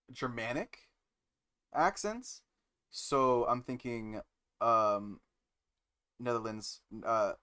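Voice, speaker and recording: Guy thinking out loud on stream, super slow, smooth clear voice, keys clacking. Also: medium pitch. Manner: slow and musing, thinking aloud with many pauses and fillers. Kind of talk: casual live-stream chat while coding.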